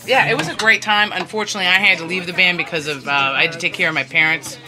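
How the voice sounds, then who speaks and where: A man's voice: high voice, very fast, poor audio. A man, chatting casually on a live bar podcast, rambling with lots of fillers and some swearing. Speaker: co-host, former band singer. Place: crowded bar, live show. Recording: live bar with loud crowd.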